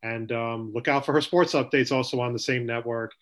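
A middle-aged man hosting a casual talk show, chatting and then signing off with brisk, upbeat patter. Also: mid-range voice, fairly even intonation. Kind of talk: casual chat and show sign-off.

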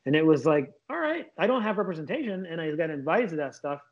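A man's voice: on the high side, sing-song, fast talker. A man, a comedian, talking casually and enthusiastically in an interview. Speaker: comedian guest. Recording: dull lo-fi sound.

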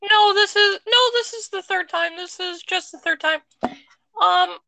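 Guy doing a super high squeaky gravelly voice, sharp and bright, rambly podcast ranter. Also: unhurried, no echo, heavily acted. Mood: rambling. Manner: rambling, stumbles over words. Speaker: podcast co-host. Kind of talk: comedic podcast banter.

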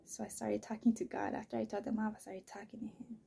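A woman telling her own story in a candid monologue, talking softly, often near a whisper, blunt and profane. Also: medium pitch, level tone, fast, gravelly, husky.

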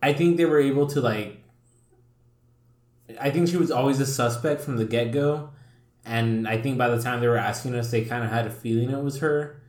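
A young man hosts a casual podcast chat, telling stories loosely and full of swearing and fillers. His voice sits at an ordinary pitch, and it is recorded in a roomy, echoey room. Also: normal speed, darkish tone. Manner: loose, profane storytelling with lots of fillers. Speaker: podcast host.

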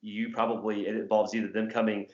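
A man's voice: fairly low pitch, level tone, fast talker, a little mellow. A man in his thirties from Southern Indiana, chatting casually and rambling with plenty of filler words. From Southern Indiana, USA. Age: 30s. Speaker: guest, former English teacher. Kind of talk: casual conversation. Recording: roomy, slightly dull sound.

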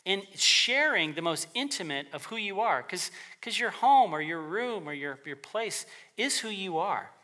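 Lively, bright-voiced male pastor. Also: high voice, unhurried, hardly any pauses. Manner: conversational, acts out quoted voices. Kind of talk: sermon.

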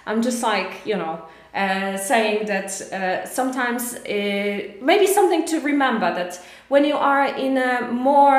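A woman with a Polish accent runs a live online English lesson, chatting through corrections with plenty of fillers and steady encouragement. Her voice sits a little higher than most. The sound carries a noticeable echo from the room. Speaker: English teacher. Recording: echoey room.

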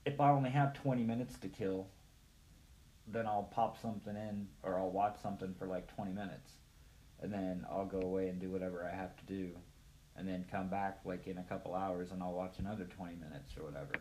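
A man's voice: low-pitched, steady tone, a little fast, warm tone, a little hiss or hum, poor audio. A man co-hosting a casual chat, laid-back and drawling with fillers.

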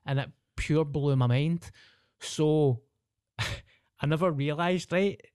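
A man's voice: on the high side, takes it slowly, a little mellow, smooth, no echo, studio quality. A man with a Glaswegian accent, a stand-up comedian telling a story in casual podcast chat, rambling, slangy and sweary. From Glasgow, Scotland.

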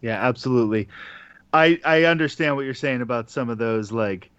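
Male radio broadcaster guest, relaxed storyteller, muffled dry recording. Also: mid-range voice, fairly quick, clear, resonant tone, no room sound. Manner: relaxed, laughs between points. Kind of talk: casual conversational interview.

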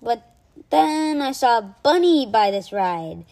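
A woman's voice: on the high side, very animated, takes it slowly, vocal fry, warm tone, heavily acted. A woman voicing chatty young girl Dottie. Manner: chatty, rambling.

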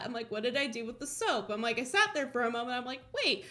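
A woman from Colorado hosting a podcast, telling a rambling everyday story in a casual, animated way, laughing often, swearing freely and acting out her own thoughts. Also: on the high side, fast talker. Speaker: podcast host.

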